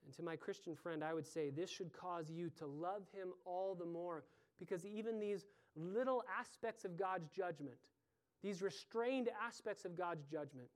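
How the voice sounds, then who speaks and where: A man's voice: sits high, moderate pace. A man preaching an earnest sermon as pastor, building to pleading emphasis.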